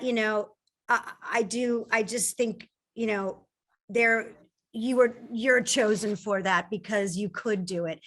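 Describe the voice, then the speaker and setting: Bright-voiced woman chatting loosely. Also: medium pitch. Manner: chatty, rambling, laughs often. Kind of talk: casual conversation.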